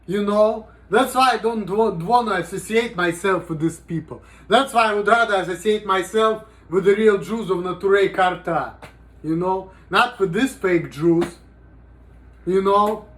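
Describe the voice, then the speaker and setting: A man's voice: high voice, unhurried, a bit bright. A man talking casually in a rambling, profane vlog monologue, with "you know" in almost every sentence. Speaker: vlogger.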